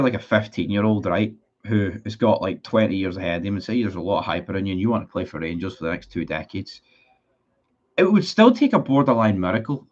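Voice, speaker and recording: A football fan streamer with a lowish voice, heard through a muffled recording, reads viewer comments aloud during a casual livestream. His replies are blunt, sarcastic and full of swearing.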